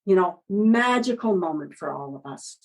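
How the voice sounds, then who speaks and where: Expressive woman telling a story. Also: lowish voice, moderate pace, creaky, low-quality recording. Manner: expressive storyteller, gentle and encouraging. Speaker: guest, children's book author. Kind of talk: podcast interview storytelling.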